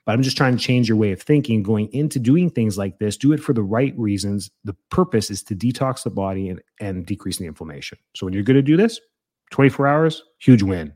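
A middle-aged man giving casual health advice, blunt and animated, mimicking people's excuses and jumping up in pitch when he scolds. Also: a little fast.

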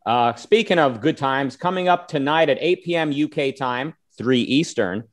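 A man's voice: medium pitch, normal speed. Chatty male podcast host. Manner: animated, rambling with fillers. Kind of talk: casual panel chat.

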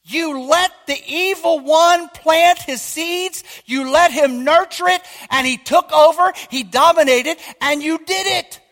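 A high, bright-voiced male pastor preaches with fiery emphasis, pressing his congregation with question after question. His forceful voice rings through the long reverb of a church hall. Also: unhurried, hardly any pauses. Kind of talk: sermon.

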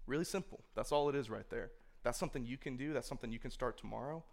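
A man's voice: medium pitch, fast, vocal fry. A man speaking to a room of young people in a casual sermon, loose and conversational, filling his talk with "like" and voicing imagined thoughts. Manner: conversational, filler-heavy, acts out imagined inner thoughts. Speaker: youth speaker. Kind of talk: casual sermon to a youth group. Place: room with a live audience.

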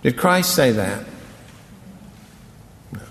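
A man's voice: mid-range voice, lively intonation, extremely slow, fairly bright tone, big-room sound. A man preaching a sermon as a pastor, in a conversational, wry storytelling manner. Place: church sanctuary.

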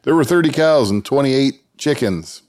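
A man's voice: medium pitch, animated, normal speed, a little mellow. Jokey man mumbling a bad joke. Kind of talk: casual chat.

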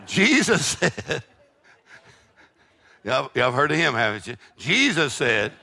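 Gravelly older preacher. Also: male voice, mid-range voice, sing-song, takes it slowly, pauses often. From Texas. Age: 60s. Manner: preachy call-and-response with shouted peaks and laughing asides. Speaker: pastor. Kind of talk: sermon.

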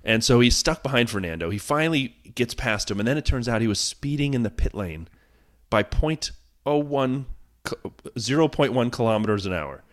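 A man's voice: mid-range voice, expressive, moderate pace. A man co-hosting a casual sports podcast, telling the story with wry, self-mocking jokes. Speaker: podcast co-host.

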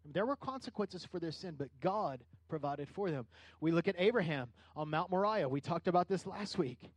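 Middle-aged guy preaching, kinda high voice, dry close sound, gets worked up then drops quiet. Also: normal speed, dry recording. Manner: conversational preaching with rising animated bursts. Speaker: pastor. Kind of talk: sermon.

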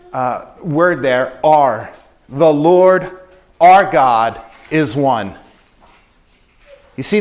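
A man preaching an evening sermon, his voice a touch higher than most men's. He speaks earnestly and with emphasis, and he drives his points home by repeating key phrases.

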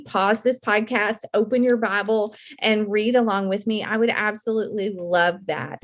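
A woman in her thirties hosting a devotional podcast, speaking earnestly with a slightly shaky, emotional voice. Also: mid-range voice. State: voice a little shaky, near tears. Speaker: podcast host.

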